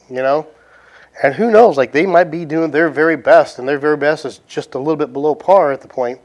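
A man with a Southern US accent preaching a sermon in a conversational way, asking rhetorical questions, then closing in prayer. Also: a little high. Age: adult, past his teens. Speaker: pastor.

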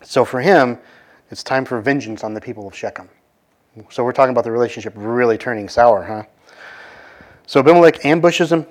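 A man retelling an old scripture story in a loose, conversational way, full of fillers and quick voiced quotes of the characters. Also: medium pitch, a little mellow. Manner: conversational, many fillers, acts out quoted lines. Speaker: bible teacher. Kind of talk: casual storytelling of a scripture passage.

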